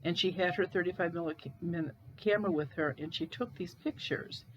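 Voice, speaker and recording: A woman from Cleveland, Ohio, telling ghost stories in a casual, halting way, with pauses and restarts. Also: fairly low pitch, muffled recording, a little hiss or hum. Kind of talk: casual storytelling.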